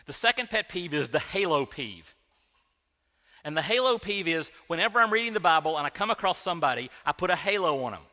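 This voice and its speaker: Bright-voiced man preaching a conversational sermon. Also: fairly high pitch, expressive, brisk, in a large hall. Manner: conversational, joking, addresses congregation directly. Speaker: pastor. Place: church sanctuary.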